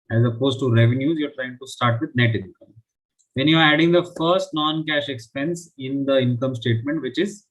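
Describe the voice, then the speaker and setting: A man's voice: medium pitch, fairly bright tone, rough recording. A man teaching a live online finance class, explaining step by step and often checking with "right?". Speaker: finance instructor.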